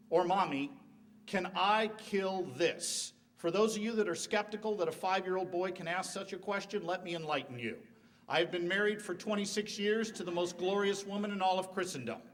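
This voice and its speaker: High-voiced middle-aged man debating from afar. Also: fairly bright tone, far from the mic. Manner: emphatic, rhetorical questions, joking asides. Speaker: debate speaker. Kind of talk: formal public debate speech. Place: university hall.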